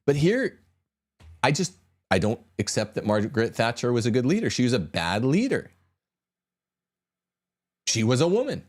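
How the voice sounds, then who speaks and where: A man's voice: mid-range voice, big pitch swings, moderate pace, long pauses. A man hosting a podcast, talking in an emphatic, combative way with sweeping asides. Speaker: podcast host. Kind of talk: opinionated podcast talk.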